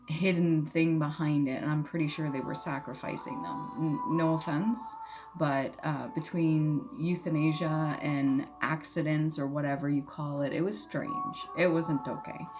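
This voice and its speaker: A young adult woman telling a personal story casually, blunt and candid, swearing freely. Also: low voice. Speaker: vlogger. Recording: music playing behind.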